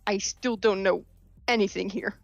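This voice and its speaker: A woman guest chatting casually on a podcast, telling stories in an animated, giggly way. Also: mid-range voice, normal speed, vocal fry, no room sound, muffled recording. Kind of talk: casual chat.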